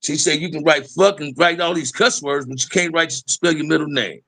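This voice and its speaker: A man's voice: on the high side, moderate pace, creaky, pushed and bright. A middle-aged man telling casual, profane life stories in a streetwise way, often calling the listener "man". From Los Angeles area. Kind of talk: casual storytelling.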